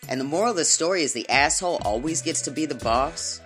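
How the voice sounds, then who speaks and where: A man hosting a podcast, casually telling a story in a relaxed, drifting voice with profane asides. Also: fairly high pitch, fast talker, faint music behind.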